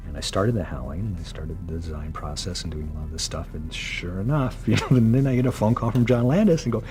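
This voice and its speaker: A man telling stories in an interview, animated and acting out what others said. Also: fairly low pitch, fast, few pauses, soft background music. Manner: animated, acts out quotes. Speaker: makeup artist interviewee. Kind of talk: interview storytelling.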